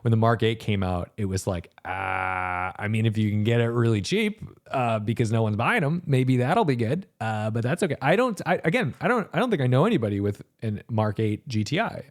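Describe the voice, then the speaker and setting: A man's voice: medium pitch, expressive, brisk, hardly any pauses. Rambling sarcastic male car podcaster. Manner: rambling, sarcastic, acts out mock quotes. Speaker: podcast host and car reviewer. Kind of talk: casual solo podcast monologue.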